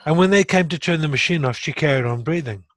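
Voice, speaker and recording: A man's voice: a little high, fast talker, no echo. A middle-aged man speaking bluntly and earnestly in a casual conversation. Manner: earnest, blunt, animated when retelling. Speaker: guest sharing stroke recovery story.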